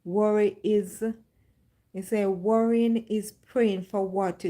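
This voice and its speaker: Slow-speaking woman giving testimony. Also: medium pitch, fairly even intonation, mellow. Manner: slow storytelling, dramatic re-enactments. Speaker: livestream host. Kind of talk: faith testimony on a livestream.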